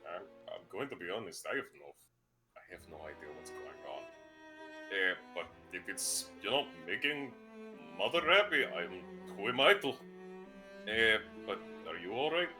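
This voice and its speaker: A man's voice: fairly low pitch, big pitch swings, normal speed, music in the background. A man voicing an earnest young paladin who admits he is confused, speaking hesitantly. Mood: puzzled. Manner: hesitant, honest, a bit confused.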